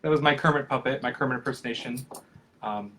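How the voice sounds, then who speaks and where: A man in his thirties answers questions about puppetry over a video call, his voice sitting at an ordinary middle pitch. He talks in a loose, friendly ramble, full of fillers and restarted sentences. It sounds like an informal live chat rather than a prepared talk. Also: fast, pushed and bright, slight background noise. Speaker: professional puppeteer.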